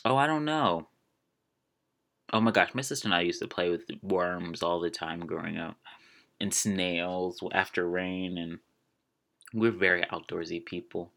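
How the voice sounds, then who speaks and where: A man's voice: low voice, steady tone, measured pace, vocal fry, long pauses, sharp tone. A man in his twenties hosting a casual solo show, rambling along with jokey asides. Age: 20s. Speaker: podcast host.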